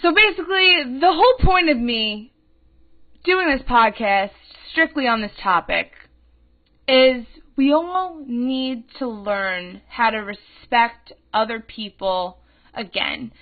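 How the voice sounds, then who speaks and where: A woman's voice: fairly high pitch, animated, slow pace. A twenty-one-year-old woman hosting a podcast, telling a story in an indignant and emphatic way, heard through a tinny phone-like sound. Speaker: podcast host. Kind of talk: casual ranting storytelling.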